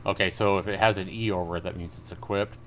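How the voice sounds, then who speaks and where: Low-voiced man streaming a game. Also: steady tone, quick pace, fairly bright tone, slight background noise. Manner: reads game text aloud, casual exclamations. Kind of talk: live gameplay commentary.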